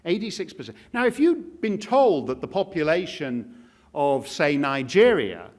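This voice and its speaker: A man gives a keynote speech in an auditorium, his pitch sitting a touch high and swinging widely from line to line. His delivery is sardonic and jokey, full of asides. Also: big pitch swings, unhurried. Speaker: keynote speaker. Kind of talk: public speech.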